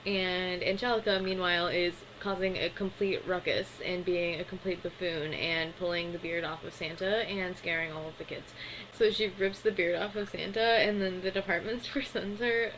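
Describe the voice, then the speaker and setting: A woman's voice: lowish voice, fairly even intonation, normal speed, fairly bright tone, a little hiss or hum, rough recording. A woman casually recapping a cartoon episode in a chatty way, with lots of filler words. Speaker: cartoon reviewer.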